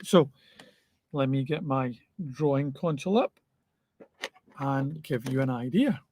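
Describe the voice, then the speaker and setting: A man's voice: medium pitch, measured pace, a little mellow, a little hiss or hum. A man teaching a live online physics lesson in a chatty way, with jokes and asides to his students.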